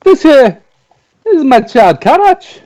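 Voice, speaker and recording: A man's voice: extremely high pitch, sing-song, unhurried, a little mellow, full character voice, poor audio. A man voicing an awkward, chatty male dwarf tinkerer in a folksy drawl, stumbling over fillers and restarts. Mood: proud. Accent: put-on folksy drawl. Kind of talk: in-character tabletop role-play.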